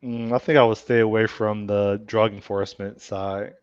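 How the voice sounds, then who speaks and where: A man's voice: fairly low pitch, little pitch movement, normal speed, smooth, dry recording. Joking middle-aged man, dull dry sound. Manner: joking, playful banter. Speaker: podcast host. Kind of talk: casual chat.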